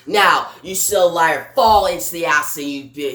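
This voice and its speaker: A man's voice: a little high, normal speed, bright, forceful tone. A man recapping a comic book issue scene by scene, voicing the sound effects. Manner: plain retelling, voices sound effects. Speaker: comic reviewer. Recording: roomy echo, faint music.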